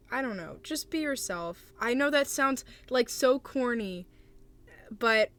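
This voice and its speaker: A young woman streaming live, talking casually and gently to her chat, hesitant and supportive with many fillers. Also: mid-range voice. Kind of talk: casual live-stream chat, reading and answering viewer messages.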